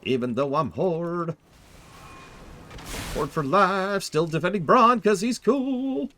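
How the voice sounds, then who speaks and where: A man's voice: sits high, animated, slow pace, bright, forceful tone, a little hiss or hum. A man giving casual, opinionated commentary while streaming a game, joking with his chat.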